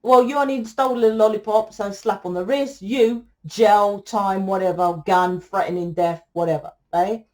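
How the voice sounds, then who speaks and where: A woman's voice: medium pitch, fairly even intonation, normal speed, hardly any pauses, darkish tone. A woman giving a casual tarot reading, blunt and lecturing, swearing freely as she talks to her viewers. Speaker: tarot reader.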